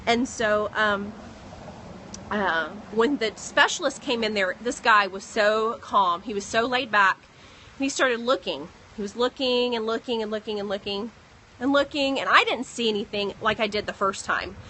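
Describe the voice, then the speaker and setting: A pregnant woman telling a personal story in a casual vlog, recorded outdoors on a phone in the rain, animated as she retells what others said. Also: mid-range voice, moderate pace, poor audio. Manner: earnest, animated retelling with quoted dialogue. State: pregnant, second trimester. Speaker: vlogger. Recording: faint outdoor noise, rain.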